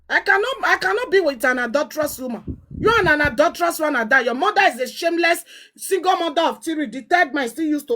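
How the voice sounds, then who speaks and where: A woman's voice: sits high, lively intonation, quick pace, fairly bright tone. A woman with a Nigerian accent delivering a heated, scolding rant, hurling insults and repeating herself.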